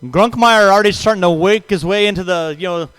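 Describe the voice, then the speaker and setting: A man with a very high, smooth voice announces a hobby race. He is brisk and jokey, reeling off driver names in quick runs, and the sound is close and dry. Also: a bit bright, no room sound, low-quality recording. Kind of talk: live race commentary.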